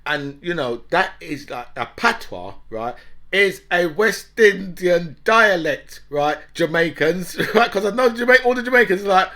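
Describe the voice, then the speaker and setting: A man's voice: high-pitched, animated, unhurried, pushed and bright. A man hosting a casual monologue, rambling, laughing often and tagging "right?" onto his sentences. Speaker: talk show host.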